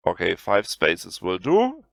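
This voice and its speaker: A man with a German accent, a native German speaker, talking through a software tutorial in halting English that often restarts. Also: sits low, huge pitch swings, vocal fry, no echo, studio quality. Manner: halting, self-correcting non-native English. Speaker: tutorial host. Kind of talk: screen-recorded software tutorial.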